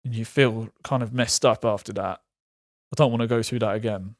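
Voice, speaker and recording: A young man with a lowish voice tells the story of his own illness candidly, with fairly even intonation at a moderate pace, in clean studio sound without room noise. Frank and self-deprecating, he laughs his way through the hard moments.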